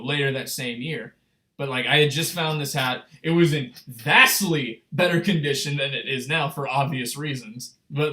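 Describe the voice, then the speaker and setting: A young man telling a story on a casual livestream, rambling and excitable, full of fillers and restarts. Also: mid-range voice. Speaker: streamer.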